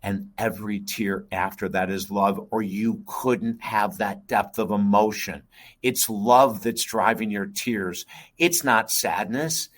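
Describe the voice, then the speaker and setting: A man's voice: on the low side, slow pace, fairly bright tone. A middle-aged man, a guest life coach, telling an emotional personal story in an earnest, intense way. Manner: earnest, intense, addresses host by name.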